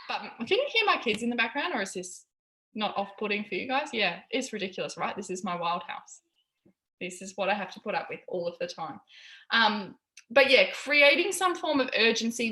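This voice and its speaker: A woman with a mid-range, slightly bright voice swears freely while candidly encouraging her team on a live coaching call. The setting is a busy home with kids in the background, captured with a roomy echo.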